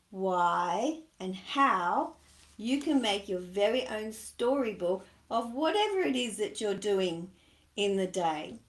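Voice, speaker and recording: A woman's voice: a little high, echoey room. A woman hosting a children's storytime, encouraging and sing-song as she asks the children to join in. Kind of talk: talking to young children online.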